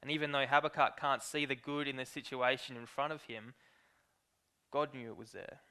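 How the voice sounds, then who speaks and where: A man preaching a sermon, reading Bible verses aloud and explaining them in an earnest, measured way. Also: mid-range voice, fairly even intonation, pushed and bright, clean tone. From Australia.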